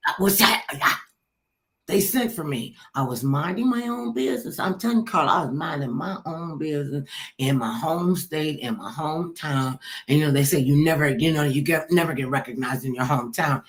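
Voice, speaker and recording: A woman's voice: low-pitched, fairly quick. An older woman hosting a casual chat, telling stories in an emphatic, blunt and jokey way. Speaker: talk show host.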